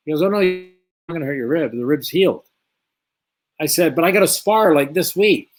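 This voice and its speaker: A man whose voice runs on the high side moves at a quick pace through a long boxing anecdote. He's a former fighter being interviewed, and he energetically performs both sides of the conversations.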